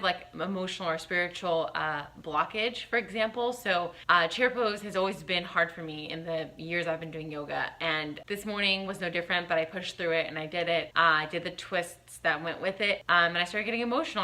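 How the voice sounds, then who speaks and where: A woman's voice: on the low side, bright, forceful tone. A woman in her late twenties talking candidly in a casual vlog, reflective and open, with lots of "like" and "uh". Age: 20s. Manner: candid, reflective, many fillers like "like" and "uh". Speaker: vlogger.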